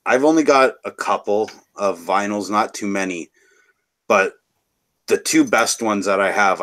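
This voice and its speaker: A man's voice: lowish voice, a bit bright. A man from Canada chatting casually, rambling and swearing freely. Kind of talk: casual chat.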